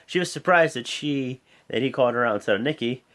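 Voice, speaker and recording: An excitable young man hosts a live reaction show. He rambles loosely, stumbling through fillers and restarts. His voice jumps up sharply whenever he gets worked up. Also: quick pace. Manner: excitable, jumps high when emphasizing. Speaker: host.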